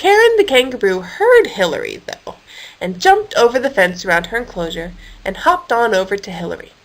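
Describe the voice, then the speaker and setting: Lively woman reading a children's story. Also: mid-range voice, normal speed, poor audio. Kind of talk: storybook read aloud for children.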